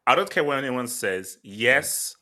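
A man's voice: medium pitch, animated, unhurried, bright, forceful tone. A man co-hosting a casual football podcast, teasing and interrupting with bursts of laughter. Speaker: podcast co-host.

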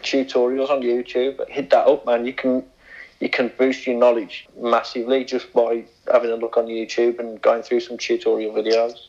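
A man's voice: mid-range voice, completely flat delivery, normal speed, darkish tone. A man co-hosting a podcast in casual, jokey banter. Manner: laid-back, jokey, with restarts. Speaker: podcast co-host. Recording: dull lo-fi podcast sound.

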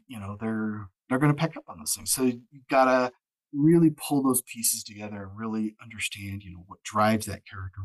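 An audiobook narrator appears as a guest on a casual podcast, speaking in a fairly low voice. He rambles, leans heavily on fillers, and restarts often, and the audio quality is poor.

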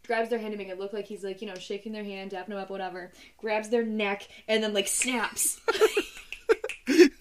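A young woman co-hosting a podcast, chatting casually about movies with animated storytelling and frequent laughter. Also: medium pitch, moderate pace. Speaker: podcast co-host. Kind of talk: casual movie-review chat.

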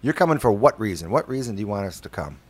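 A man's voice: on the low side, sing-song, fast talker. A man hosting a casual interview, asking rambling questions with many restarts. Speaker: radio show host.

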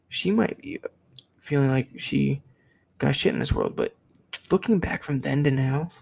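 A man's voice: medium pitch, vocal fry, dark tone, slightly rough, low-quality recording. A young man from the United States giving a blunt, profane opinion rant to camera, repeating himself as he talks. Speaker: vlogger.

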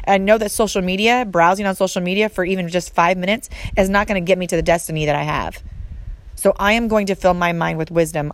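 A woman's voice: lowish voice, no room sound. A woman coach giving an emphatic motivational talk, speaking directly to the listener and repeating points for force. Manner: emphatic, repetitive, direct address. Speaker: fitness and mindset coach.

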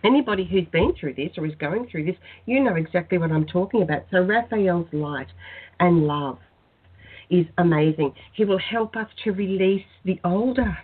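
A woman guest in a spiritual radio interview, telling her personal story in an earnest, soft-spoken way. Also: fairly low pitch, normal speed, husky. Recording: tinny phone-line sound.

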